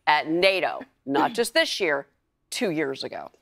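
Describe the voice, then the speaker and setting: Low-voiced woman giving panel commentary. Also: big pitch swings, unhurried, creaky, a bit bright.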